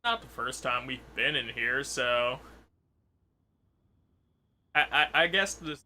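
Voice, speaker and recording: Bright-voiced man joking through gameplay. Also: mid-range voice, expressive, slow pace, slight background noise. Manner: chatty, wry asides, joking at characters. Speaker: gaming channel host. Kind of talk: casual gameplay commentary.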